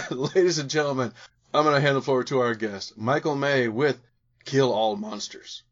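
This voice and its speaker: A man's voice: mid-range voice, unhurried. A man hosting a podcast, chatting in an upbeat, rambling way and introducing his guest. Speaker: podcast host. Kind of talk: casual podcast chat. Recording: dull lo-fi sound.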